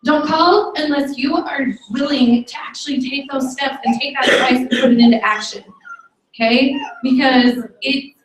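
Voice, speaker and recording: A woman leads a training session for her sales team, firm and a little scolding as she keeps checking with the room. Her voice sits fairly high. It is picked up from a distance, with the echo of a roomy meeting hall. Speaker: sales team leader giving a training talk. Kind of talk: motivational training talk to a live room. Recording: echoey room, recorded from afar.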